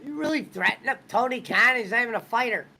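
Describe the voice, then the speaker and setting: Male streamer host, unusually high voice, swears freely while rambling through stories in loose chat. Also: lively intonation, fast, gravelly, bright, forceful tone, slight background noise, low-quality recording. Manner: profane, rambling storyteller. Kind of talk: casual chat.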